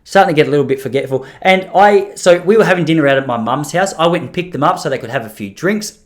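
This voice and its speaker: A man's voice: a little high, expressive, quick pace. A man in his thirties hosting a podcast, rambling through stories with self-deprecating jokes. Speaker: podcast host. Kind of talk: casual comedic solo podcast monologue.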